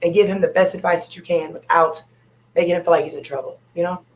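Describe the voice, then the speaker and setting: A woman's voice: fairly low pitch, steady tone, fast, poor audio. A woman speaking on an open panel, talking candidly and bluntly, repeating her points for emphasis. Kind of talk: candid casual chat.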